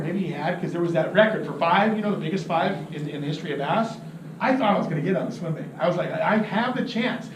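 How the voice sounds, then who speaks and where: A man teaching about fishing, telling an animated story, laughing often and acting out what people said. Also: high-pitched. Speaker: fishing instructor. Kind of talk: anecdotal teaching talk. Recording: roomy, distant mic with noisy ambience.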